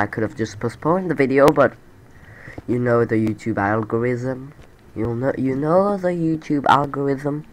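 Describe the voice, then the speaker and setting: A man's voice: medium pitch, slight background noise. A man with a stuffy, nasal voice giving casual, rambling commentary over his game build, repeating himself and poking fun at himself. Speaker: let's play creator.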